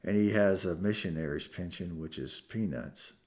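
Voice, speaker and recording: A man preaching a sermon, telling a story with emotion and swinging from hushed tones to loud climaxes. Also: deep voice, moderate pace. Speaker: pastor. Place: church sanctuary.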